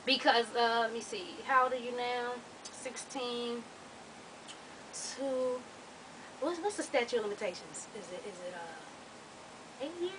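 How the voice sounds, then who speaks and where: A woman's voice: high voice, a bit bright, recorded from a distance, slight background noise, low-quality recording. A woman hosting an advice vlog, talking bluntly and sassily with plenty of profanity. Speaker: advice show host.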